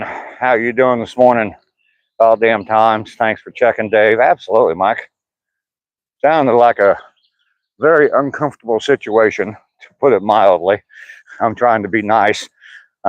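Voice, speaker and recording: A man's voice: lowish voice, unhurried, long pauses, dry recording, lo-fi sound. An older man chatting casually with live chat viewers by name on an outdoor walk, mentioning his sore hip. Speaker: vlogger reading live chat.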